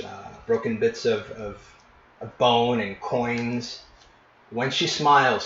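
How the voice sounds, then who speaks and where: A man narrating as game master, painting scenes in vivid detail with frequent pauses and restarts. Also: mid-range voice, fairly bright tone, slight background noise. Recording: echoey, dull lo-fi room recording.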